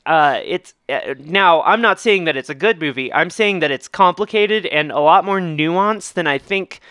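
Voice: medium pitch, expressive, normal speed, fairly bright tone, clear, resonant tone, dry recording. A podcast co-host in casual chat, arguing a point emphatically and swearing freely.

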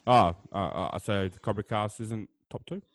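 A man's voice: on the low side, normal speed, no echo. A man co-hosting a podcast, teasing and chummy, reading out facts between banter. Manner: chummy, teasing, says "mate" often. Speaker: podcast co-host.

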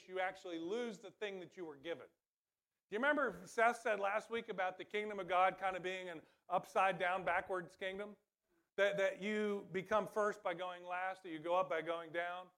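A man's voice: high voice, a bit bright. A man preaching a sermon in a conversational way that builds to emphatic calls. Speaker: pastor.

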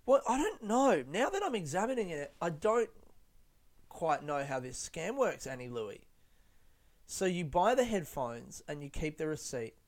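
A man's voice: a little high, big pitch swings, a little slow. A young man hosting a casual solo podcast, rambling, swearing and poking fun at himself. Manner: rambling, sweary and self-mocking. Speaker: podcast host.

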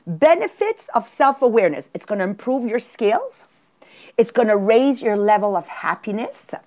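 A woman's voice: a little high, normal speed. A woman with a Quebec French accent, hosting a podcast and giving an emphatic motivational talk over a video call, repeating her points. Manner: animated, emphatic, repeats herself. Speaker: podcast host.

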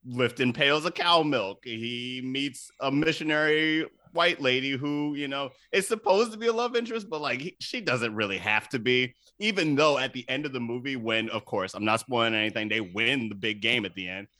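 Casting note: male podcast host, bright and forceful voice, loose and profane, laughs a lot, dry close sound. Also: medium pitch, moderate pace, few pauses, no room sound. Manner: loose, profane, laughs often, acts out quotes. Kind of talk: casual chat, recapping a movie.

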